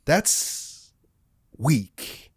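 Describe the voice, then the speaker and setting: A middle-aged man, a guest on a studio podcast, telling animated stories and acting out the people in them. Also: drawn-out words. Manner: animated storytelling, acts out voices in anecdotes. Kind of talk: casual studio conversation.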